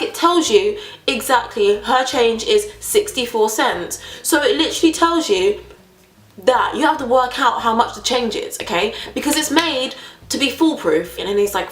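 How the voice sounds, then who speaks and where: Woman vlogger, lively and dramatic storyteller, slightly high voice, roomy echo. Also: a little hiss or hum. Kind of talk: casual storytime vlog.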